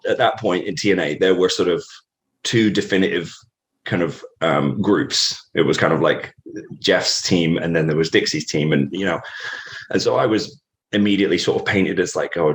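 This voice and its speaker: A man's voice: low-pitched, normal speed, a little hiss or hum. A British man in his thirties, a guest telling stories in a casual interview, rambling with many fillers and restarts. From Britain.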